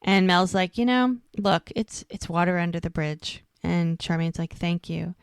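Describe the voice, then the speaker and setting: A woman's voice: lowish voice, level tone, moderate pace, smooth, no room sound, studio quality. Chatty woman retelling a TV episode. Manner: retells scenes by quoting characters, lots of "she's like". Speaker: podcast co-host recapping a TV episode. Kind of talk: casual recap chat.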